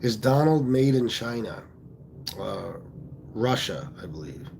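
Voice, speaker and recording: A man's voice: mid-range voice, lively intonation, unhurried, creaky, a little mellow, slight background noise. A man from Pennsylvania hosting a casual livestream, talking bluntly with plenty of swearing and reading viewer comments aloud. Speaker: livestream host.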